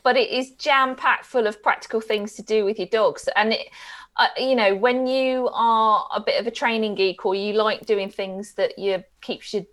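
A woman co-hosting a podcast in a relaxed, easygoing chat. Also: fairly high pitch, moderate pace. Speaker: podcast co-host. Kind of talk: casual chat.

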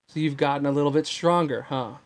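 A man's voice: on the high side, moderate pace, close to an everyday voice. A man playing a bitter, taunting teenage swordsman. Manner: cold, taunting.

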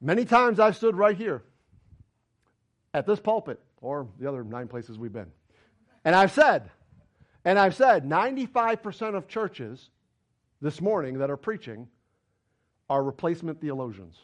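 A man's voice: on the high side, sing-song, unhurried, long pauses. Preacher guy, fired up and argumentative, voice swoops all over the place. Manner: emphatic, argumentative, rhetorical questions. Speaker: pastor. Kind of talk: sermon.

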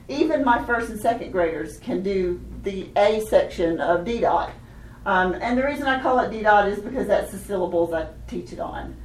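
A woman leading a hands-on children's music workshop, animated and laughing often as she teaches chanted rhythms. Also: mid-range voice, moderate pace, slight background noise. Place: workshop room with participants. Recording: echoey room, voice from a distance.

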